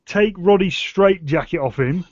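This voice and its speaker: A man's voice: sits high, a little slow, no echo. Male player, chatty and easygoing, dry lo-fi sound. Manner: chatty, laughs, declares actions plainly. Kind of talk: casual tabletop game play.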